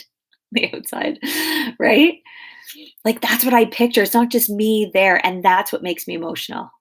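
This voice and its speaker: Woman in her thirties, life coach answering client questions, chatty and loose, lots of "like" and "you know". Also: mid-range voice. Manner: chatty, many fillers and restarts. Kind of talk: casual Q&A coaching talk.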